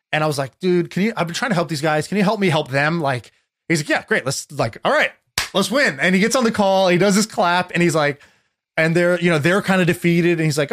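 A man hosting a podcast, telling a story in casual chat and acting out the voices of the people in it. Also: a little high. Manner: animated storyteller, acts out quotes. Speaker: podcast host. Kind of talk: casual conversation.

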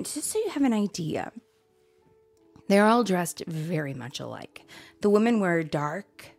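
Slow, whispery woman reading a storybook. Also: low voice. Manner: soft, often whispery, animated storytelling. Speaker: storybook reader. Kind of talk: children's read-aloud with asides.

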